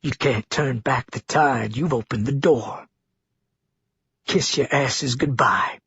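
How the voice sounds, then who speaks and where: A man voicing a huge, sullen male prisoner who speaks low and bitter, intoning scripture. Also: takes it slowly, gravelly, a bit bright, husky, no echo, full character voice. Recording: dull lo-fi dry recording.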